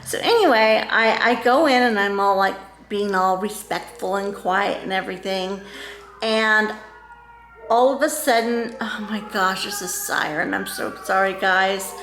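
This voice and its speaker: A middle-aged woman vlogger with a mid-range, slightly bright voice tells a story at home in a casual, emotional way. She rambles, restarting often and using lots of fillers. The room is echoey, with a little background noise.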